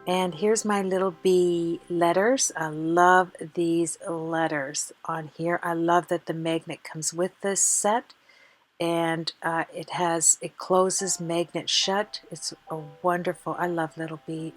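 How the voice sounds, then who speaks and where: A woman's voice: fairly low pitch, little pitch movement, slow. A woman hosting a card-making tutorial as a chatty voice-over, out of breath from the flu. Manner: chatty and enthusiastic, many fillers. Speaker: card-making video host.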